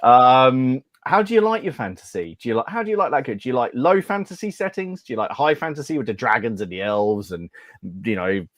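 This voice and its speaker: A man co-hosting a hobby podcast, animated and quick to laugh, often restarting his sentences. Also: mid-range voice, no room sound. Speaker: podcast co-host. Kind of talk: casual hobby podcast chat.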